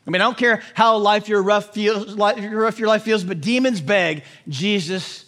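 A male pastor preaching a sermon in an animated way, mixing in jokes and puns. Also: sits high, moderate pace.

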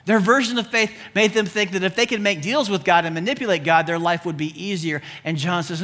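High-voiced, animated male preacher. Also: a little fast, few pauses. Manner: animated and humorous, swinging between loud emphasis and low asides. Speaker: pastor. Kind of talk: sermon.

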